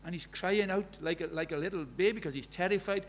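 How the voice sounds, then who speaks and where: Preacher with a high, pleading voice. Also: male voice, brisk, a little hiss or hum. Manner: pleading, rising to urgent calls, then hushed storytelling. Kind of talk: sermon.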